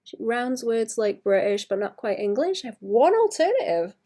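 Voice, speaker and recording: A young woman with a light Welsh accent draws on a live stream, chatting in a rambling, casual way with lots of laughter. Her voice is a little high and dark in tone, very animated, at a normal speed.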